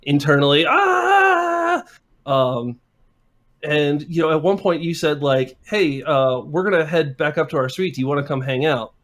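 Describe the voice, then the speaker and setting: A man in his twenties with a slightly raised pitch chats casually as a guest. He spins a self-deprecating anecdote and slips into voices for the people he quotes. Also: moderate pace. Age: 20s. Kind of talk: casual chat, anecdote telling.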